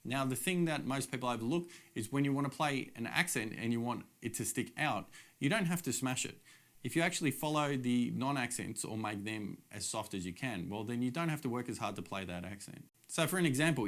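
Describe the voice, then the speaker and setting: A middle-aged Australian drum teacher speaks to camera in a casual, upbeat lesson, laying out each step plainly. His voice sits at a medium pitch and sounds animated, moving along fairly quickly.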